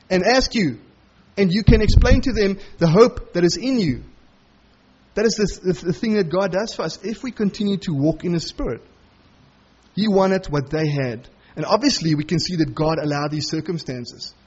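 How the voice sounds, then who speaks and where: Male preacher, husky tone, expository sermon, muffled lo-fi sound. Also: high-pitched, darkish tone. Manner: expository preaching, acts out quoted lines.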